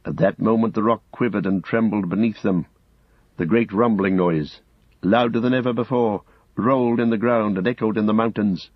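A man narrating an audiobook in a measured, grave storytelling manner, close to the mic. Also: fairly low pitch, fairly even intonation, slightly rough, no echo. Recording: dull lo-fi audiobook recording.

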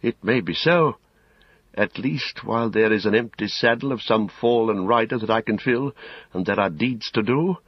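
A tired, grieving noblewoman speaks in a soft voice pitched well above the reader's own, as a man puts her on. It's a storybook reading, husky underneath and dry. The audio is dull and lo-fi. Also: normal speed, no echo. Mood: grieving, resolute. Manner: soft, mournful, lifted pitch. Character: weary noble young woman warrior, shieldmaiden.

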